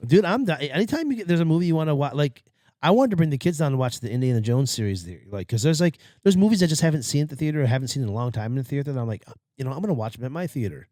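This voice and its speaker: A man's voice: a little high, lively intonation, very fast, mellow, dry recording, clean studio sound. A man hosting a podcast in casual chat, rambling and swearing often. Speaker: podcast host.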